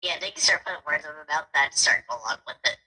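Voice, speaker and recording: A woman's voice: low-pitched, rapid-fire, pushed and bright, slightly rough, low-quality recording. A woman in casual chat, teasing and laughing a lot.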